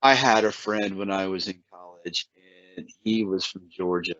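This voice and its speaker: A man's voice: deep voice, moderate pace, highs cut off. A man from Southern Ohio with an Appalachian accent, hosting a casual chat and restarting his sentences often. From Southern Ohio, USA. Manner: animated, stumbling restarts. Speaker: podcast host.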